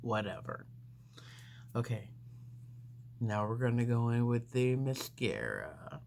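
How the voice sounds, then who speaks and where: Lady chatting slow while doing her makeup, lots of uhs, rambly story, soft hum behind her. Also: rumbling low, big pitch swings, gravelly. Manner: rambling, unhurried, with frequent fillers. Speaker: beauty vlogger.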